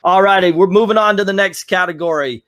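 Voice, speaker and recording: A man's voice: sits high, brisk, a bit bright, no echo. Casual male podcast host, dry close mic. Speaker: podcast host presenting awards. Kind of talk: casual group chat.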